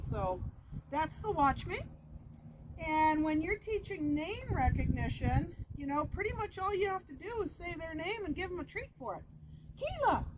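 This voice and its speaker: High-voiced woman dog trainer. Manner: explains steps plainly, praises the dog in a high sing-song voice. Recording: loud background noise.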